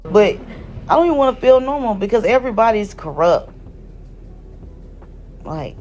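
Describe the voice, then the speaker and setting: A woman's voice: on the high side, a little mellow. A woman talking on a phone during a live stream, rambling emotionally about her life.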